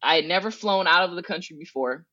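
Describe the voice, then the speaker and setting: Animated woman from Southern California. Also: quick pace, dry recording. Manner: animated, acts out her own past thoughts with big pitch jumps; swears casually and laughs between thoughts. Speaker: guest, educational consultant. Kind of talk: casual interview storytelling. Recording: dull, dry sound.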